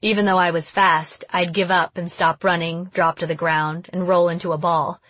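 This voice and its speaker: A woman reading a first-person audiobook in an even, steady storytelling voice. Her voice sits somewhat low, recorded close and dry with no room sound. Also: normal speed, no echo. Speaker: audiobook narrator.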